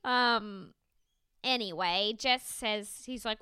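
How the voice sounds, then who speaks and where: A woman co-hosting a casual podcast, recapping a show in lively chat and acting out quoted lines, swearing freely. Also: mid-range voice, normal speed, smooth, no echo.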